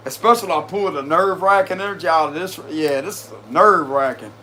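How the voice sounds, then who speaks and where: Man, high voice, tarot reader, casual and slangy, laughs often, faint background hiss. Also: fast talker. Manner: chatty, slangy, addresses viewers directly; keeps breaking into laughter.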